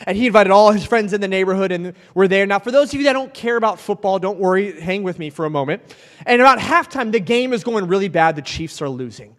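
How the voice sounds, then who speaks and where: A man's voice: sits high, lively intonation, fast talker, fairly bright tone. A man in his thirties giving a joking, conversational youth sermon, telling stories as he preaches. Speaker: youth event speaker. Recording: reverberant hall sound.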